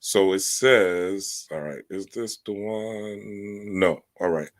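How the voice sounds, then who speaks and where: Blunt, preachy man with a low voice. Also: takes it slowly. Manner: blunt, preachy, slangy asides, rising emphasis. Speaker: spiritual teacher. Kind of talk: livestream talk reading and commenting.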